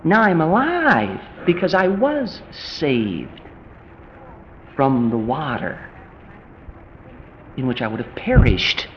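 A man preaching a sermon, animated and rising to emphatic peaks as he drives his points home. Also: a little high, slow, pauses often, dull audio, a little hiss or hum.

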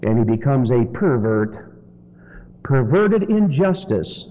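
A man preaching a sermon in church, swinging from loud, high exhortation to low, quiet warning. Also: very animated, slow pace. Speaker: pastor. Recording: dull lo-fi sermon recording with faint noise.

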